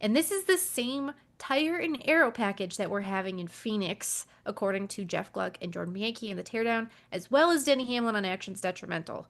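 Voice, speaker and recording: A woman's voice: mid-range voice, fairly quick, hardly any pauses. Woman co-host, casual talk, matter-of-fact, reads stats and notes in a mid-range voice. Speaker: podcast co-host and journalist. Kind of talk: casual chat.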